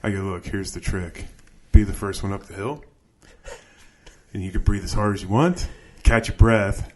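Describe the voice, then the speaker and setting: A man's voice: fairly low pitch, normal speed, a little mellow. A man chatting on a podcast, teasing his friend and laughing as he tells a story. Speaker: podcast guest, riding buddy. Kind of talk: casual chat.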